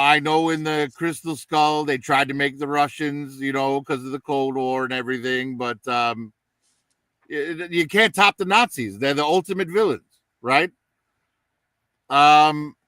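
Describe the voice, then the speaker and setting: A man hosting a casual movie review chat, relaxed and rambling with many fillers, heard through a distant mic. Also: a little high, clean tone, dry recording. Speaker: podcast host.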